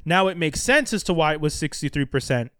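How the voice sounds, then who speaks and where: A man in casual chat about movies, animated and laughing often, acting out bits of dialogue. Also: a little high, fairly quick, smooth, dry recording, clean studio sound.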